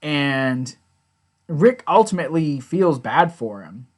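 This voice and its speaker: A man's voice: a little high, animated, takes it slowly. A man casually recapping and reviewing a TV episode, rambling along with lots of "you know" and "like".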